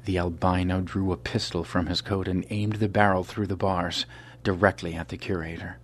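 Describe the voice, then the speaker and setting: A man narrating a thriller audiobook in a measured, suspenseful delivery. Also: low voice, little pitch movement.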